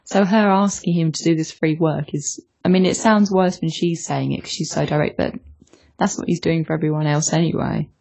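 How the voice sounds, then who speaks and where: A woman co-hosting a podcast in relaxed casual chat, giving her opinions on a manga chapter. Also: low voice, brisk, gravelly. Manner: relaxed, opinionated, with fillers and restarts. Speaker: podcast co-host.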